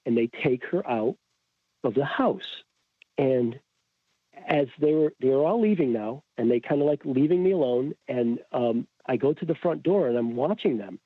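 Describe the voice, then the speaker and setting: A man's voice: a little high, no room sound. A man from Connecticut with a Connecticut accent, telling a story as a podcast guest, acting out the voices of others with many restarts. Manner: animated, acts out quoted voices, frequent restarts. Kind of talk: storytelling in a casual chat. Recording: tinny phone-like audio, dry.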